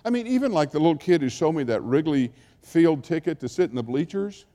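Mellow-voiced pastor preaching in a hall. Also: male voice, fairly high pitch, sing-song, brisk. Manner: conversational storytelling with acted-out quotes. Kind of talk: sermon. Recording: long hall reverb.

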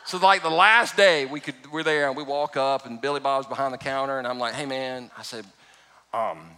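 A man preaching a sermon as pastor, animated and emphatic, with humorous storytelling. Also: medium pitch, fairly quick, clear, resonant tone.

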